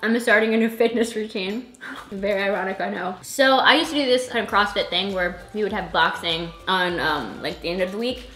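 A woman's voice: medium pitch, a little fast, a bit bright. A woman hosting a casual eating vlog, chatty and rambling, laughing often. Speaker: vlogger host. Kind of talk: casual chat while eating. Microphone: camera filmed by a friend. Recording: echoey room with faint music.

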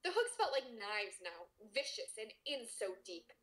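A woman's voice: a little high, big pitch swings, a little slow, a bit bright, low-quality recording. A woman co-hosting a podcast, reading erotic fiction aloud expressively and teasing her co-host between passages. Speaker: podcast co-host and story reader.

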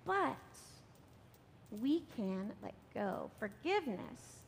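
Woman, children's sermon leader, high and gentle, coaxing; church reverb, faint rumble. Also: sing-song, takes it slowly. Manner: gentle, coaxing, often asks "right?". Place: church sanctuary.

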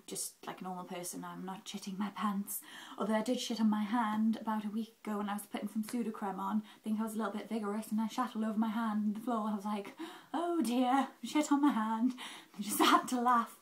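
A woman's voice: mid-range voice, poor audio. Chatty woman vlogger, candid update. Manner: chatty and candid, lots of "um"s and acted-out quotes. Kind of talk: casual health update vlog.

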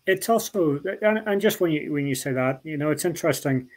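A man's voice: a little high, lively intonation, a little fast, rough recording. A middle-aged man with a Northern Irish accent, a guest talking in a casual interview, rambling with many restarts and asides. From Northern Ireland.

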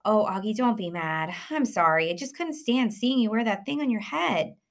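A woman reading the part of an affectionate, joking middle-aged father, gentle and pleading in a storybook reading. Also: medium pitch, lively intonation, normal speed, voice pushed up, close to an everyday voice. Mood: tender pleading. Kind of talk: audiobook reading.

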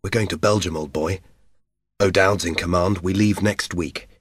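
A man doing a quiet, serious officer. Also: sits low, fairly even intonation, moderate pace, husky, no room sound. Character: quiet, faithful army officer. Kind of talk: audiobook character voice.

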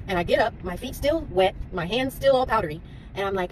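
Fast-talking young woman vlogging from a car. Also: on the high side, expressive, rough recording. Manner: chatty, retelling a story with rising frustration. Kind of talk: casual storytime vlog. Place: in a car while driving. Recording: faint road noise from a moving car.

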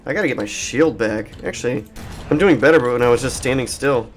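A man's voice: medium pitch, fast talker. Give me an adult man casually commenting on a video game, wandering off into long anecdotes full of swearing and self-deprecating jokes. His voice sits in a middle register and he talks loosely, with restarts and asides. Faint game music plays underneath. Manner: meandering, profane, jokey storytelling. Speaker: let's play host. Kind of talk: rambling gaming commentary.

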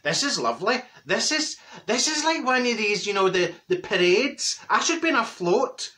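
This comic monologue features a man voicing a chatty, cheeky older woman from Glasgow, Glaswegian accent and all, who tells gossipy stories and cackles at her own jokes. His delivery is high with big pitch swings, pushed, bright and heavily acted, at a normal speed.

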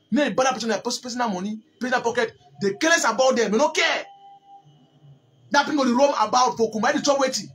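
A man from Cameroon speaking with a Cameroonian Pidgin accent on a live stream, giving emphatic, repetitive commentary that rises toward near shouts. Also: extremely high pitch, husky. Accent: Cameroonian Pidgin English.

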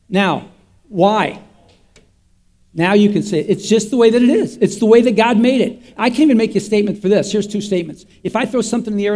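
A pastor with a high, mellow voice preaches an interactive sermon to his church. He's folksy and repetitive, quizzing the congregation in call-and-response style.

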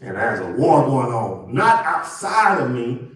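A man, pastor, preaching a sermon and swinging from loud to hushed. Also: medium pitch, very animated, a little slow. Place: church sanctuary. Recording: echoey church from far off.

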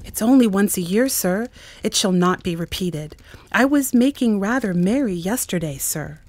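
A woman's voice: medium pitch, lively intonation, normal speed, no echo, close to an everyday voice. A woman voicing a timid, apologetic clerk. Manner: soft, deferential.

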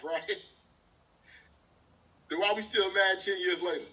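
A man with a high, bright voice preaches a sermon, asking the congregation questions and quoting scripture back to them. He sounds set back from the microphone in a dull, lo-fi service recording. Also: normal speed, recorded from a distance. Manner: preaching with scripture quotes and call-and-response questions. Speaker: minister.

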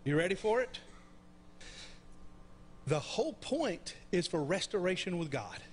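High-voiced man preaching a casual sermon. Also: sing-song, unhurried, a little hiss or hum. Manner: conversational, asks the congregation questions. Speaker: pastor. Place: church sanctuary.

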